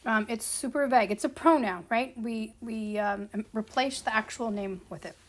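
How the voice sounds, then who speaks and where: A woman explaining a grammar lesson as a teacher, patient and checking in with her students as she goes. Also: on the high side. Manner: slow, patient, checks in with "okay?" and "right?". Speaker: Spanish teacher.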